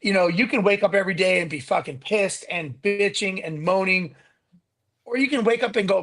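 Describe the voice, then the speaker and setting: A man being interviewed as a business coach, animated and profane, rambling with lots of restarts and "like.". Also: sits high, fairly quick. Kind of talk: casual interview chat.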